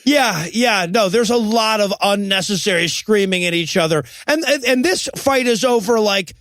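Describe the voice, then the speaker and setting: A man's voice: sits high, animated, moderate pace, fairly bright tone, dry recording. A man co-hosting a comedy podcast, ranting sarcastically about a bad movie with casual profanity. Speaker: podcast co-host. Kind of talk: comedic movie-review banter.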